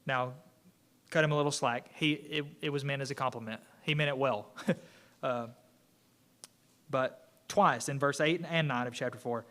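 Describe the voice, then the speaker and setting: A man's voice: medium pitch, moderate pace, long pauses, pushed and bright. A man teaching an informal church Bible class, talking conversationally with fillers and asides.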